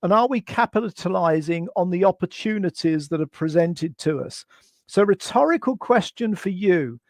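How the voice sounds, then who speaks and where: A man's voice: sits high, lively intonation, moderate pace, no room sound. A man presenting a management webinar from a computer mic, working through numbered points and asking rhetorical questions. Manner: structured, rhetorical questions to the audience.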